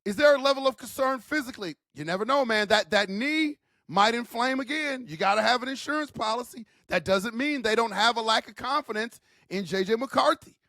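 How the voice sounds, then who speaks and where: A man's voice: very high-pitched, a little fast, hardly any pauses, pushed and bright, no room sound, studio quality. A man hosting his own football channel, giving fired-up, emphatic opinions in a casual slangy way and repeating his points. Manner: casual slangy talk, calls listeners man. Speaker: sports channel host. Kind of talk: opinionated football commentary vlog.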